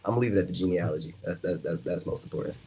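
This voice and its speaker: An American man appearing as a podcast guest, talking earnestly and a little haltingly. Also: deep voice, mellow, slight background noise. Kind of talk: casual podcast chat.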